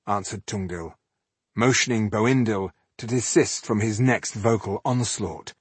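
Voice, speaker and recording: A man reading a fantasy novel aloud in a steady, even storytelling manner. His voice sits low with a husky grain, recorded close and dry. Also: normal speed, no echo. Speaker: audiobook narrator. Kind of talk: scripted fantasy narration.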